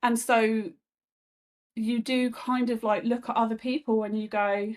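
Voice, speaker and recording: A woman's voice: on the high side, flat delivery, a little slow. A woman guest, a comedian, talking frankly and reflectively in a candid conversation, swearing freely.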